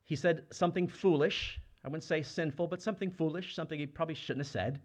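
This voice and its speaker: A man's voice: fairly high pitch, fast talker. A man in his thirties or younger preaching a sermon, earnest and conversational, often asking the congregation questions. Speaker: pastor.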